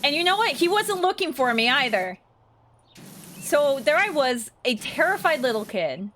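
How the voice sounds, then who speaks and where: A young Midwestern woman with a fairly high voice chats casually with her stream audience as she plays. Her story comes out animated, and her pitch shoots up when she gets exasperated. A faint hiss runs under the recording. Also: normal speed, rough recording. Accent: Midwestern American. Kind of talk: casual storytelling while gaming.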